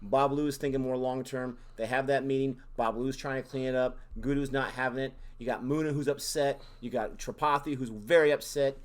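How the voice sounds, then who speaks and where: A man with a mid-pitched voice, steadily recapping plot. He slips into short acted quotes, then drops back to calm commentary. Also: fairly quick, hardly any pauses. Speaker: co-host reviewing a series. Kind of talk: casual review chat.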